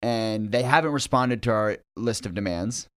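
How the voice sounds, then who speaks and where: Animated man telling a story. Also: fairly low pitch, normal speed, clean tone. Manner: animated, acts out quoted voices. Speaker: podcast guest, stand-up comedian. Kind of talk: casual chat, storytelling.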